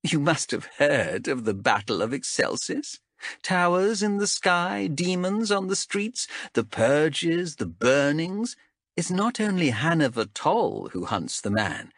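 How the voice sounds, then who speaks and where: A shrewd female elf captain who needles and threatens in a sardonic, lilting voice, put on by a man. Her pitch sits higher and swings widely. The recording is dry and close. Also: sing-song, takes it slowly, a bit bright, no room sound, full character voice. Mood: probing. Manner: sardonic, wheedling, menacing. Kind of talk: audiobook character voice.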